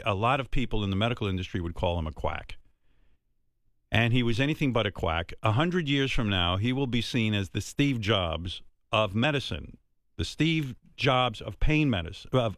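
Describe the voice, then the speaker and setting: A man's voice: medium pitch, fairly bright tone, dry recording, studio quality. A man in his sixties hosting a radio talk show, speaking earnestly and heartfelt, rambling with many restarts.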